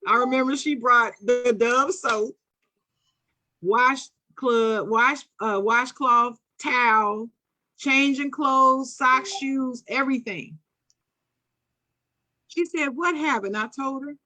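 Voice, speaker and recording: A woman's voice: high-pitched, slow, long pauses. A woman with a Philadelphia accent telling a childhood story on a casual podcast, acting out the voices she quotes. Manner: animated, acts out quoted voices. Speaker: podcast co-host.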